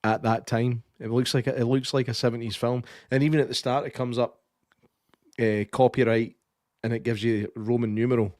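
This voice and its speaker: A man's voice: mid-range voice, flat delivery, a little fast, a little mellow, no echo, studio quality. A Scottish man co-hosting a podcast, chatting casually about a film, who rambles, loses his words and swears in passing. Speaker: podcast co-host. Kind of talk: casual film-review chat.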